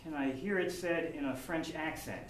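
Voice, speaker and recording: A man's voice: on the high side, moderate pace. A man playing a spelling bee contestant in a live sketch on a theater stage, stalling with eager questions. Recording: echoey hall from far off, with noise.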